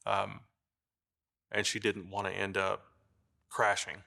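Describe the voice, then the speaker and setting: A middle-aged man giving a halting documentary interview, with many fillers and restarts. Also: fairly low pitch, completely flat delivery, gravelly, bright, forceful tone. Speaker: brother of the deceased.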